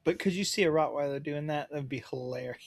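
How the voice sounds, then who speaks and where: A man's voice: fairly high pitch, fast, gravelly, a little hiss or hum. A man playing as a contestant in a casual podcast trivia game, blurting out guesses, cursing and laughing.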